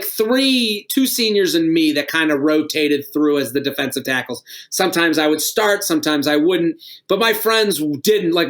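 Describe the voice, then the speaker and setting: A man's voice: fairly high pitch, fairly bright tone. A middle-aged man, a comedian guest on a podcast, telling rambling stories with frequent laughs and swearing. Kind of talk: casual podcast storytelling.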